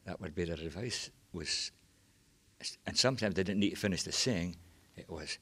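Older scottish guy reminiscing, low voice, rambles on with lots of you know. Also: moderate pace, bright, forceful tone, husky. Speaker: reminiscence group member. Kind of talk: casual storytelling.

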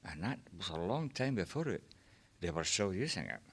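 Older scottish man, low voice, lively rising and falling pitch, hesitant, restarting phrases, reflective panel talk. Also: normal speed, slightly rough. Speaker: panel guest, former teacher. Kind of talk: reflective conversational storytelling.

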